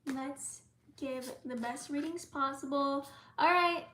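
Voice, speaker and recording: A young woman giving tarot readings on a live stream in a casual, dreamy way, often slipping into soft whispers. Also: high voice, slow, reverberant, a little hiss or hum.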